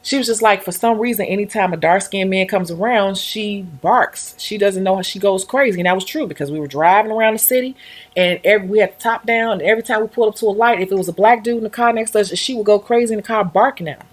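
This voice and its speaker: On her own livestream, a fast-talking woman with a medium-pitched voice chats casually about life as a nail technician. She tells her stories animatedly, acting out other people's voices as she goes.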